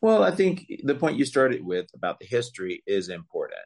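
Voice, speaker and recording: A man giving long, measured answers as a legal expert in an interview, explaining points carefully with some fillers and emphatic rises. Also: medium pitch, very animated, a little mellow. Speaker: voting rights legal expert, guest.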